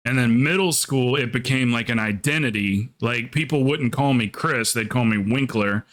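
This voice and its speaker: A man's voice: mid-range voice, moderate pace, fairly bright tone. A man from South Carolina, streaming a game and telling rambling, joking stories in casual chat. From South Carolina, USA. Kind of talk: casual chat while gaming.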